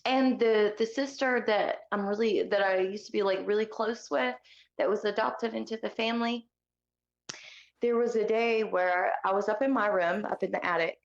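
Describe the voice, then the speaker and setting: A woman's voice: mid-range voice, fairly even intonation, moderate pace, vocal fry. Woman guest, candid heated storyteller, lo-fi echoey call audio. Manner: candid and heated, with many fillers. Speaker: guest sharing her life story. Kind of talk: personal storytelling in a podcast interview.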